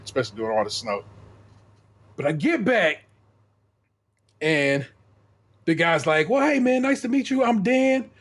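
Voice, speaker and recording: A man's voice: mid-range voice, a bit bright. A middle-aged man on a podcast, casually telling a profane story and acting out the people in it. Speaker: podcast co-host.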